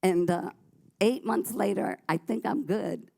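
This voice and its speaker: A woman's voice: medium pitch, unhurried, vocal fry, darkish tone. A woman sharing her personal testimony on a church talk show, telling her story vividly and animatedly, often restarting her sentences.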